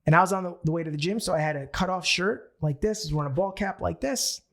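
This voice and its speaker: Young guy doing a hype sales training talk, gravelly, kinda high voice, acts out his stories. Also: fast talker. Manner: animated storyteller who acts out his own thoughts. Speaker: network marketing trainer.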